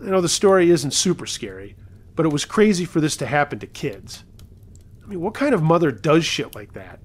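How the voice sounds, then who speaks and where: A man's voice: fairly high pitch, sing-song, brisk, husky. A man reading submitted true scary stories aloud in a conversational way, with wry asides.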